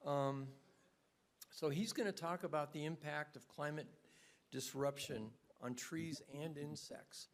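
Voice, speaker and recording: A man's voice: a little high, a little slow. A man acting as emcee, introducing the next speaker in a chatty, folksy way that repeats points. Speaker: conference emcee.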